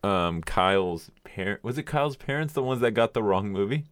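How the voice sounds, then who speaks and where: A man's voice: lowish voice, animated, normal speed, dry recording. A man hosting a casual podcast chat, joking and moving the talk along. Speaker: podcast host.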